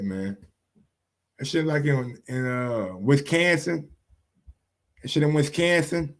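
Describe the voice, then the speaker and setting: A man's voice: mid-range voice, takes it slowly. A man hosting a sports channel, talking casually in a rambling, profane, trash-talking way. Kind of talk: casual livestream commentary.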